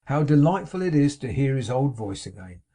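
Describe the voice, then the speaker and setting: An overjoyed, flustered young man gushes in eager, raised exclamations, his voice husky and bright with delight, as a male audiobook narrator puts him on. He tumbles from greeting to greeting in a kindly, breathless rush. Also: medium pitch, very animated, moderate pace, pitched above the performer's own voice.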